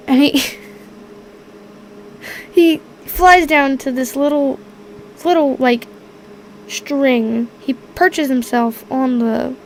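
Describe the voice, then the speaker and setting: A woman's voice: high voice, slight background noise, low-quality recording. A woman narrating as game master in a tabletop game, hesitant, often searching for words.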